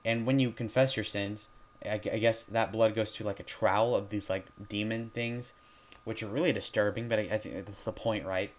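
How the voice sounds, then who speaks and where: A man reviewing horror films in a loud, rambling way, full of fillers and restarts, his voice strained from talking loudly. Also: fairly low pitch, steady tone, brisk. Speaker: movie reviewer. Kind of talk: casual spoken film review.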